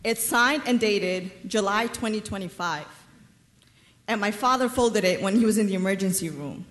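A woman in her thirties from New York telling a personal story on a theater stage, measured and wryly funny. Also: medium pitch, a bit bright. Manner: wry, measured storytelling with dry humor. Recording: roomy theater reverb.

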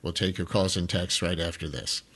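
A man hosting a call-in radio show, repeating the phone number slowly and emphatically. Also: low voice, noisy background. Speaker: radio host. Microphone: studio microphone.

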